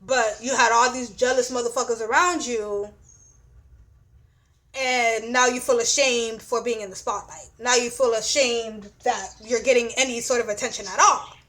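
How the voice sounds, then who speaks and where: A woman's voice: on the high side, steady tone, normal speed, a bit bright. A young woman giving a casual astrology reading, blunt and profane, often repeating "you know what I'm saying.". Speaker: astrology reader.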